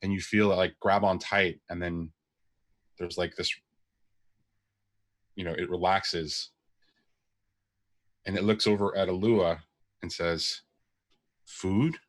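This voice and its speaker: A man's voice: low voice, steady tone, slow pace, long pauses. A man narrating as game master of a tabletop game, describing scenes at length with many fillers.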